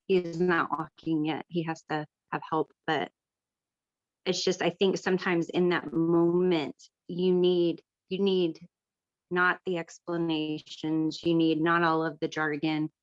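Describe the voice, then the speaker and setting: A woman tells a personal story on a video call, candid and earnest. Her voice sits low, and the audio is dry and muffled. She talks in a plain, frank way with fillers. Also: dry recording. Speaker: workshop participant. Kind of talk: personal story in an online workshop.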